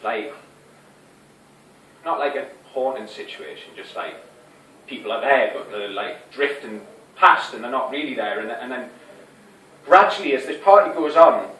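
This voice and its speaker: A man's voice: mid-range voice, lively intonation, a little slow, long pauses, sharp tone. An actor playing an anxious, lovesick young man, rambling and hesitant, with many restarts, in a stage monologue. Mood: wistful. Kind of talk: theatre monologue. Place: small fringe theatre venue. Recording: echoey room, distant mic, faint hiss.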